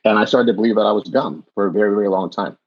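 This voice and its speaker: A man's voice: on the low side, racing. A middle-aged man who was born in the US and raised in Jamaica, telling his life story as a podcast guest in a reflective, rambling way with many restarts. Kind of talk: candid storytelling in a conversation. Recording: dull lo-fi audio.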